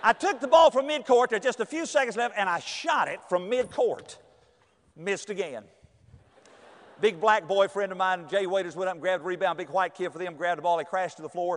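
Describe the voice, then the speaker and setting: A man from North Carolina, telling a personal story to an audience in a lively way, acting out other people's voices and sometimes shouting. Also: high-pitched, fairly quick. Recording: long hall reverb.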